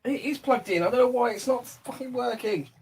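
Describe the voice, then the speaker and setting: A man's voice: very high-pitched, a little fast, slightly rough. A man co-hosting a casual podcast chat, laid-back and swearing casually. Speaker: podcast co-host.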